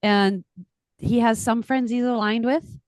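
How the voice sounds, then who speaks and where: A middle-aged woman co-hosting a podcast, talking casually in an animated storytelling manner and laughing often. Her voice sits a bit high, and the recording is dry and close with no room sound. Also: a little slow, no echo. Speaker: podcast co-host, astrologer. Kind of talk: casual chat.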